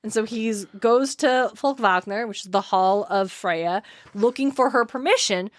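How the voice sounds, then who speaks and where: A woman co-hosting a podcast, retelling a book in a quick, animated way with frequent laughs. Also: on the high side, dry recording, clean studio sound. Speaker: podcast co-host. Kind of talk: casual book discussion.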